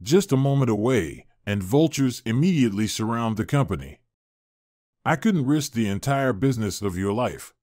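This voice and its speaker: A man reading the part of a scheming husband who flatters and grovels in a storybook reading. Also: medium pitch, normal speed, no room sound, clean studio sound, natural voice. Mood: groveling. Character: scheming middle-aged husband, smooth and fawning.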